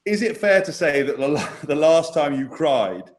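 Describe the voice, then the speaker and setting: A man's voice: a little high, very animated, moderate pace. Teasing, playful male podcast host. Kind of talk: casual podcast chat.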